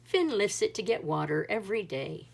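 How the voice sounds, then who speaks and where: A woman voicing a calm, clever wife in a storybook reading, speaking in a bright, coaxing way. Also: medium pitch, normal speed, gravelly, full character voice.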